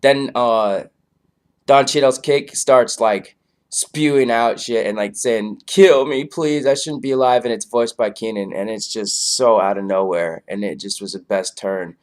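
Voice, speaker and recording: A man with a fairly low voice talks through a comedy show review in a loose, rambling way. He drifts between thoughts and leans on fillers as he goes. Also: fairly even intonation, measured pace, smooth. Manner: loose, filler-heavy, laid-back.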